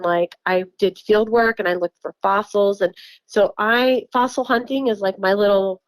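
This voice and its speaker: A woman's voice: mid-range voice, no room sound, rough recording. A woman from New York casually telling her story in a chatty way, with frequent laughs, fillers and restarts. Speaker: guest recounting encounters.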